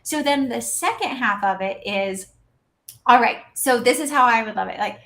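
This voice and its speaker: A woman with a fairly high voice gives coaching advice in a podcast conversation. She talks in an animated way and slips into quick acted-out snippets of staff and patient dialogue. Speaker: dental practice consultant, podcast guest.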